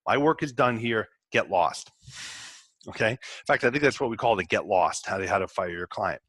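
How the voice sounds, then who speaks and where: A man hosting a podcast for tax professionals, telling candid work stories in a casual way, cursing now and then and acting out quick exchanges with his clients. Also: medium pitch, animated, a bit bright, dry recording. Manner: candid, swears, acts out clients in quick asides. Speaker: tax resolution podcast host. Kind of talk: casual storytelling to fellow practitioners.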